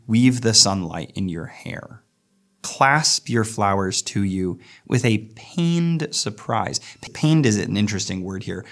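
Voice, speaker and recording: A man's voice: lowish voice, creaky. A man giving a thoughtful lecture on a poem, reading lines of verse aloud and picking them apart. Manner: thoughtful, reflective, reads verse aloud slowly. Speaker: literature lecturer. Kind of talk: poetry lecture with read-aloud quotes.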